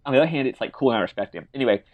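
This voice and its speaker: A man's voice: mid-range voice, expressive, racing, narrow, tinny audio. Co-host type: man, casual, rambling game recap with jokes. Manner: rambling, joking. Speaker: podcast co-host.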